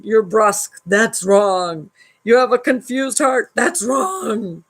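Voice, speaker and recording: A woman's voice: a little high, takes it slowly, breathy edge, poor audio. A woman hosting a live stream at home, reading a book aloud and adding wry commentary, laughing often between passages.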